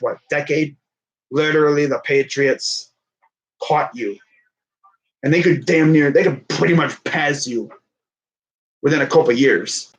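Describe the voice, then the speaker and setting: A young man talking sports in a casual, excitable, rambling way, with plenty of trash talk. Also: on the high side, measured pace, pauses often, muffled recording. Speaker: sports fan streamer.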